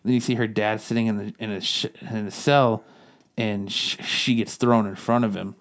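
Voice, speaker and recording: Steady in tone and moderate in pace, this man's fairly low voice carries a casual podcast chat about comics. His recap of the plot wanders, with lines from the characters quoted in passing.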